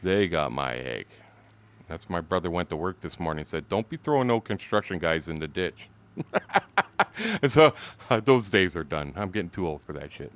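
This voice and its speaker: A man's voice: sits low, lively intonation, moderate pace. A man in his sixties, a gaming streamer, telling a story in blunt, profane, casual talk. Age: 60s.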